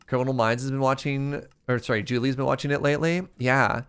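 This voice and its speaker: A man's voice: medium pitch, steady tone, quick pace, a bit bright, smooth. A man streamer chatting casually with his chat while playing a game, laughing often.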